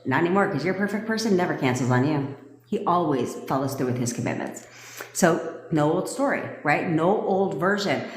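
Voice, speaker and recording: A woman's voice: sits low, animated, moderate pace. A woman coaching viewers during a live stream, blunt, bossy and full of swearing, loose and joking as she talks. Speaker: manifestation coach. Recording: echoey room with long reverb.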